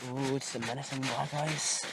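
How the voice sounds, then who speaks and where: A man's voice: medium pitch, fairly even intonation, moderate pace. A young man playing a news reporter in a goofy, playful mock news report, recorded outdoors in the snow. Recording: outdoor noise on a handheld camera.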